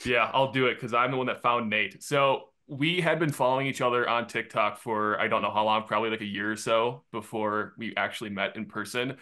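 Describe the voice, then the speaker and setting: Confident bright-voiced man from Minnesota. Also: lowish voice, fairly quick, hardly any pauses. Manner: confident, animated when acting out quotes. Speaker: content creator and guest. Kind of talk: casual interview storytelling.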